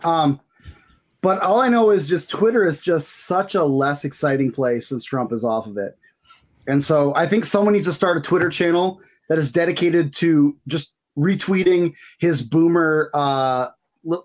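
A man co-hosting a podcast in casual chat, laid-back with dry humor. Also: on the high side. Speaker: podcast co-host.

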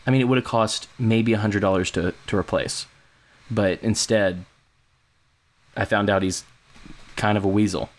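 A man co-hosting a podcast, telling a long story in a rambling, animated way and acting out what people said. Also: lowish voice, moderate pace, pauses often. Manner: rambling, animated, acts out quotes. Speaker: podcast co-host. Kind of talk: casual storytelling chat.

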